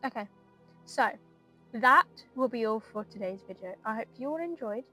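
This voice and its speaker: A woman's voice: fairly high pitch, expressive, normal speed, sharp tone, soft background music. A woman giving casual, emotional commentary on her gameplay and chatting to her viewers. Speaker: gaming video creator.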